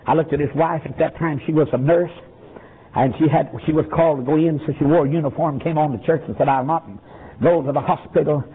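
A male preacher, telling a story in a sermon with fervent, dramatic delivery that rises to shouts. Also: a little high, fairly even intonation, quick pace, slightly rough. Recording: tinny lo-fi phone-like recording.

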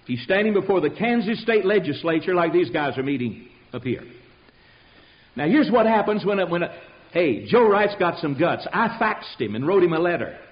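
A man's voice: sits high, expressive, moderate pace, muffled recording. A man preaching a fiery sermon, emphatic and rhetorical, calling out questions to his congregation.

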